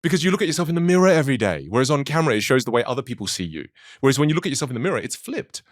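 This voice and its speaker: A man in casual podcast chat, explaining things in an animated way and acting out people's reactions. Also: mid-range voice, racing, dry recording, clean studio sound.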